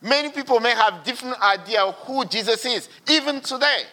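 Bright-toned man preaching a sermon. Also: extremely high pitch, a little fast. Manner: earnest, swings between hushed and emphatic.

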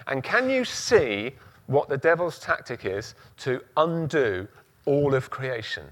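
A man's voice: mid-range voice, big pitch swings, slow. A man preaching a sermon, using emphatic repetition and rhetorical questions.

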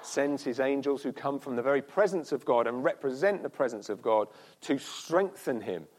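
An earnest man preaching to a church service at a mid-range pitch. He pauses and restarts, then slows down to repeat key words with weight. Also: expressive. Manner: earnest, pausing, with restarts and slow emphatic repeats. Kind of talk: sermon.

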